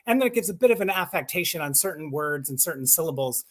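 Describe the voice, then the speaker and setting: A man's voice: on the high side, lively intonation, fast talker, fairly bright tone. Upbeat man talking about voice acting. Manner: enthusiastic, explains his craft with self-deprecating laughs. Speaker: voice actor and audiobook narrator. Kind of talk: casual chat on a live stream.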